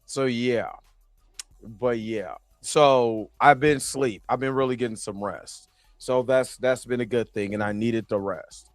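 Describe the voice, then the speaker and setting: A man's voice: medium pitch, unhurried, dry recording, clean studio sound, faint music behind. A man hosting a live stream, chatting casually and with animation straight to his viewers. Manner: animated, talks straight to the chat.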